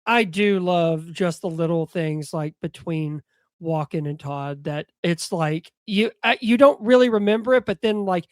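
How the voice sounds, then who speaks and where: A man's voice: high-pitched, a little slow, no room sound, clean studio sound. A man co-hosting a casual movie podcast, talking in a rambling, hesitant way. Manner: rambling, hesitant, lots of fillers. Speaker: podcast co-host. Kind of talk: casual chat.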